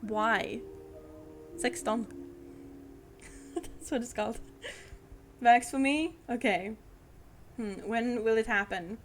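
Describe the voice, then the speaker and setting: Giggly swedish-native streamer girl, kinda high voice, chatting w her viewers. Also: slow pace, pauses often, faint music behind. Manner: playful, giggly, chatty with chat. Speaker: game streamer. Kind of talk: casual game-stream chat.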